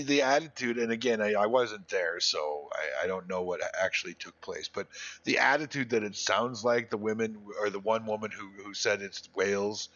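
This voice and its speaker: A man's voice: fairly low pitch, a bit bright, dull audio. A man chatting casually and bluntly while streaming a video game, rambling with restarts and crude language. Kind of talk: casual live-stream gaming chat.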